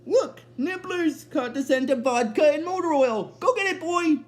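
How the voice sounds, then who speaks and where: A man imitating an excitable young cartoon man in a raised, eager voice. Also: extremely high pitch, unhurried, voice pushed up. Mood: excited.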